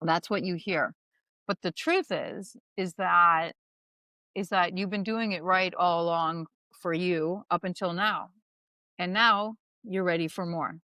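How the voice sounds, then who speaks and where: Rambling, animated woman on a podcast. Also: on the low side, unhurried, dry recording. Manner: rambling and animated, lots of "you know". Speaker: guest comedian and acting teacher. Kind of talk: casual podcast chat.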